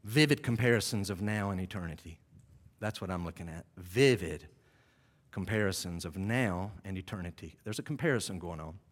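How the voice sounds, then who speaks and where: A pastor preaching a sermon. He moves between quiet, low teaching and loud, vivid storytelling. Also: moderate pace, in a large hall.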